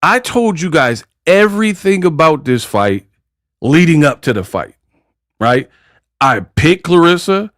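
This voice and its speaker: A man's voice: fairly high pitch, big pitch swings, measured pace, a bit bright, dry recording. Brash, trash-talking man on a dry mic. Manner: brash, slangy trash talk. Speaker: boxing commentary channel host. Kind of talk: casual commentary vlog.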